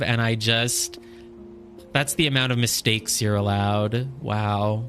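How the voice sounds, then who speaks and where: A man's voice: lowish voice, fairly even intonation, slow, a bit bright, soft background music. A young man streaming a puzzle game, thinking aloud, counting squares and scolding himself over his mistakes. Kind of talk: casual live gameplay commentary.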